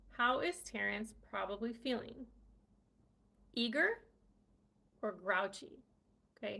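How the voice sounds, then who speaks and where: A woman's voice: on the high side, creaky, fairly bright tone. A woman hosting a casual live-stream English lesson, chatty, full of fillers and "right?" checks. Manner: chatty, many fillers and tag questions.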